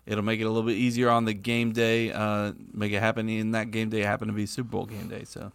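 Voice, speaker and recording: A man's voice: on the low side, monotone, fast, gravelly, smooth. A man co-hosting a podcast in casual chat, rambling and joking with frequent laughter. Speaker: podcast co-host.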